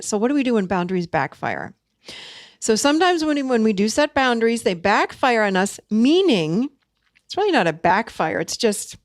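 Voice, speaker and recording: A woman's voice: mid-range voice, dry recording. Emphatic woman podcast host, dry close sound. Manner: emphatic, repeats key phrases, quick laughs. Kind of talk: casual teaching monologue.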